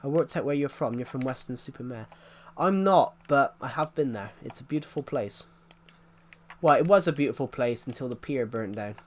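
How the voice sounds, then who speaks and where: A man's voice: medium pitch, expressive, normal speed. A man with a Southwest English accent, a streamer chatting casually and rambling as he answers viewers' questions. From southwest England. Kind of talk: casual live-stream chat.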